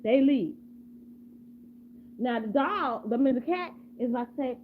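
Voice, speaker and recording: A woman's voice: high-pitched, animated, slow pace. A woman improvising a rambling, repetitive story casually and asking her listeners questions. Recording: tinny phone-like, faint hum.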